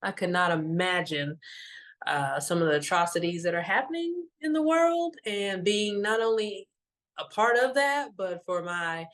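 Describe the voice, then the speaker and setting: A woman's voice: medium pitch, lively intonation, unhurried, fairly bright tone. Emotional woman giving spiritual message. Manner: emotional, loose, many fillers. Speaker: meditation teacher and card reader. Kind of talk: casual spiritual talk.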